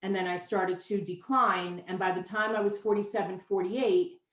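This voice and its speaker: A woman's voice: medium pitch, steady tone, normal speed, fairly bright tone. A woman in her fifties, a nutritionist guest, talking candidly and emphatically in a casual interview. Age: 50s. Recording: roomy echo.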